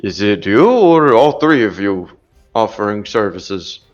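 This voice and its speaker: Brief: man doing a forlorn old male dwarf, quiet and hesitant, tabletop game. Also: lowish voice, very animated, unhurried, muffled recording, soft background music. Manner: hesitant, subdued, speaks softly.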